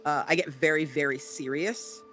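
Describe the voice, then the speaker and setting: A man co-hosting a podcast in casual chat, animated and explanatory, often tagging on "right?". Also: a little high, moderate pace, faint music behind. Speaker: podcast co-host. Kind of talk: casual chat about tabletop role-play.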